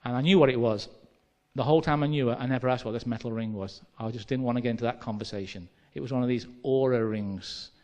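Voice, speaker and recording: A man's voice: medium pitch, fast talker, dark tone, muffled recording. Man, english midlands accent, preacher, conversational sermon, tells stories with quoted dialogue. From England. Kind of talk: sermon storytelling.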